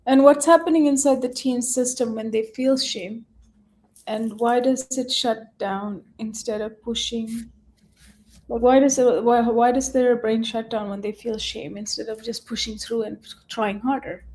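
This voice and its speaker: A woman's voice: a little high, steady tone, a little slow, darkish tone. A woman host asking probing interview questions and affirming her guest's answers.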